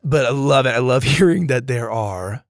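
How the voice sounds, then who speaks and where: A man hosting a children's story podcast, chatting casually and warmly to young listeners, upbeat and friendly, calling them dude and bud. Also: medium pitch, expressive, moderate pace, no room sound, studio quality. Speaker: podcast host.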